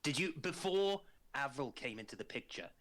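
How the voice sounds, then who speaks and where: A man's voice: medium pitch, big pitch swings, normal speed, fairly bright tone. A man playing a tabletop game, earnestly raising questions in a casual way. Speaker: player.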